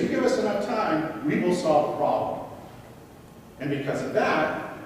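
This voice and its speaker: A man's voice: a little high, distant mic, slight background noise. Man presenting in an echoey hall. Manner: questions the audience, rhetorical and animated. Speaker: conference speaker. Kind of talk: interactive conference presentation. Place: conference hall. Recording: echoey hall, recorded from afar.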